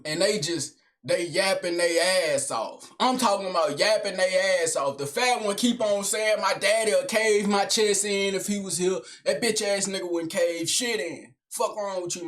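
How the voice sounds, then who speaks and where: Speaking to the camera in a storytime monologue, a man recounts a family story in a high-pitched voice. He's animated, full of slang and swearing, and keeps checking in with whoever is listening.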